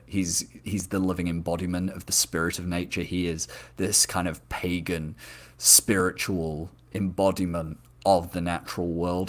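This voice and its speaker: A man hosting a live discussion show, chatting enthusiastically and reading out viewer comments, with frequent ums and restarts. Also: deep voice. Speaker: show host.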